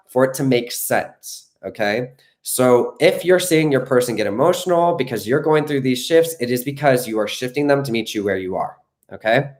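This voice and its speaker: A man's voice: medium pitch, animated, moderate pace, darkish tone. A man coaching viewers on a live stream, earnest and reassuring, often checking in with "okay?". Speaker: manifestation coach.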